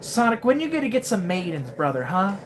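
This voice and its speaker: A woman's voice: medium pitch, big pitch swings, fairly quick, background noise, natural voice. A woman doing a snarky young fox sidekick. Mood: scolding. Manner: mocking, slangy trash talk.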